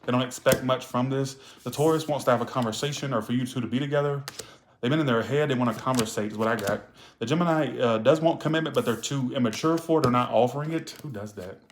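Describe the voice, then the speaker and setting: A man's voice: mid-range voice, quick pace, slight background noise. A man giving a casual live-streamed tarot reading, blunt and profane, scolding viewers and dropping "all right?" into his lines. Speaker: tarot reader.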